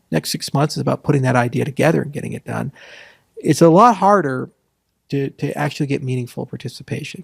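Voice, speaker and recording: A man answers interview questions in a gravelly, husky voice, running through lists and dropping sarcastic asides. The sound is dry and close, with no room around it, and his pitch sits in the middle. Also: a little mellow, no echo. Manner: rambling, sarcastic asides, lists points quickly. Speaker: interview guest. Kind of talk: casual interview talk.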